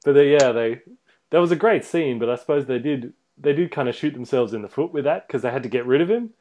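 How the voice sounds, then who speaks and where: Casual male podcast co-host, mid-pitched, rambling and laughing through movie talk. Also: fast talker, dark tone, highs cut off. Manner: rambling, many fillers, laughs often.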